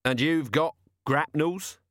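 A man's voice: fairly high pitch, takes it slowly, a bit bright, dry recording, pitched above the performer's own voice. Man playing a blunt watch commander, impatient, dry close sound. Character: exasperated gruff male city watch commander.

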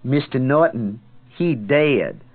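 A man voicing a menacing, sardonic stranger in black who speaks flatly and mockingly, in an audiobook reading. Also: lowish voice, a little slow, close to an everyday voice. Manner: flat, mocking, intoning. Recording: tinny phone-like sound.

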